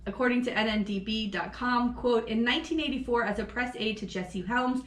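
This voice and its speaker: A woman's voice: on the high side, fairly quick, roomy sound. Profane, laughing woman podcast host. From Florida. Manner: profane, laughing, animated storytelling. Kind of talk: casual true-crime chat.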